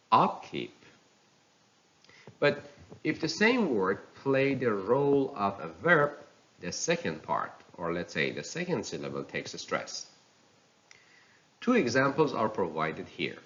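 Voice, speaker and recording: A man teaching English pronunciation, reading word lists and examples slowly and with careful enunciation, a native Persian speaker. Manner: deliberate, careful enunciation with lively pitch. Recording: dull lo-fi recording.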